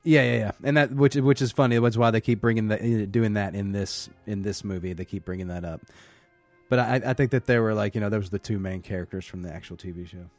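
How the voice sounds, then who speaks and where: A man co-hosting a casual movie podcast, excitedly retelling scenes with plenty of swearing. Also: fairly low pitch, fast, dry recording, faint music behind. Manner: enthusiastic, profane, animated retelling. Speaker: podcast co-host. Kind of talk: casual movie-discussion banter.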